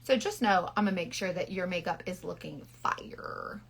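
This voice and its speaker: This cosmetics seller speaks in a lowish, creaky, slightly rough voice at a moderate pace. She hosts a playful, casual live makeup tutorial on her phone and fields viewers' questions as she goes.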